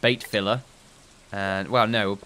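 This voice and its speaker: A man's voice: fairly low pitch, fairly even intonation, slow pace, sharp tone. A man hosting a let's play, giving casual gameplay commentary with rambling, jokey asides and reading game text aloud.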